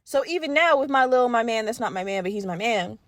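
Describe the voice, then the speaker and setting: Young woman podcast host, higher voice, dry close sound, profane and animated. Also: fast talker, no echo. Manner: candid and profane, animated storytelling. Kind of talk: casual solo podcast chat.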